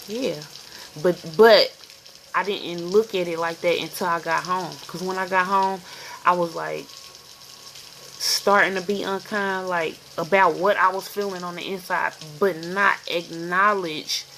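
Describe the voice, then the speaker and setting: Gravelly woman in her forties, sizzling noise. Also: lowish voice, steady tone, a little slow, fairly bright tone, low-quality recording. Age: 40s. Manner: candid, profane, repeats "you feel me". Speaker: intuitive card reader. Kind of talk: casual spiritual vlog.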